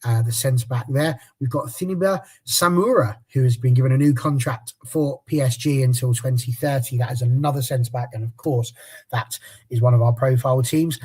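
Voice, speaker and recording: A man's voice: medium pitch, moderate pace, a little mellow, husky. A man hosting a casual podcast panel. He reads out a transfer rundown in a jokey, chatty way and stumbles over foreign names. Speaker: podcast host.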